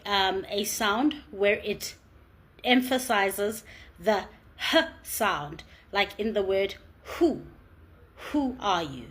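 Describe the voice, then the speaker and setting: A woman teacher leading a spelling lesson, sounding out each word slowly and carefully. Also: mid-range voice. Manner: slow, careful over-enunciation of sounds.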